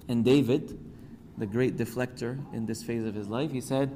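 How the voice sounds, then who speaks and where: A man's voice: medium pitch, fairly even intonation, normal speed, warm tone, a little hiss or hum. A male priest giving a sermon, building emphasis and acting out the people he quotes. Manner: preaching with rising emphasis, acting out quoted voices. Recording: church hall reverb, faint ambience.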